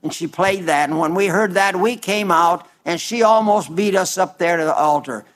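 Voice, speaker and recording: A man in his nineties, a pastor giving a broadcast sermon and reading viewer letters, slow and earnest, dwelling on repeated words. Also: high voice, fairly bright tone. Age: 90s. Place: South Dakota.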